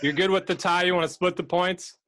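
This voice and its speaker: A man runs a casual game show over a video call. He is chatty and loose, and his voice sits a bit high for a man. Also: fairly quick. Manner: relaxed, chatty, with frequent fillers.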